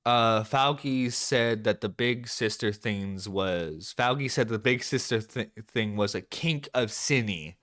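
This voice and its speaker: A man's voice: medium pitch, measured pace, hardly any pauses, a bit bright, no room sound, clean studio sound. A man giving an angry reaction commentary on a live stream, ranting and swearing with stammered restarts. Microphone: desk microphone.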